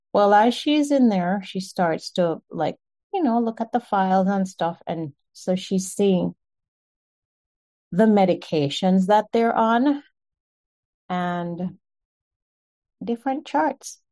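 Mellow-voiced woman telling a testimony. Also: medium pitch. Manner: conversational, emphatic storytelling. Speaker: prayer group host. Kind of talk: sharing a testimony in an online group.

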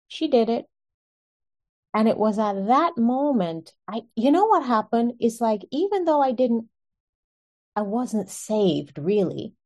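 A woman telling her own story in an earnest, animated way, often breaking into short laughs. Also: fairly high pitch, a little slow. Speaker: speaker sharing a personal testimony. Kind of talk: personal storytelling.

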